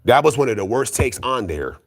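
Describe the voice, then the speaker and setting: A man's voice: medium pitch, big pitch swings, brisk. A man delivering a heated solo rant about boxing, blunt and profane, repeating his points insistently against his critics. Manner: profane, blunt, repetitive, argumentative; keeps calling out critics, insistent. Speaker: boxing commentary YouTuber.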